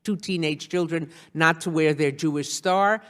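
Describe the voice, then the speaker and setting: A woman testifying as a witness at a hearing, speaking in a measured, earnest way. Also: low voice, a bit bright. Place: congressional hearing room. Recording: long reverb of a hearing room.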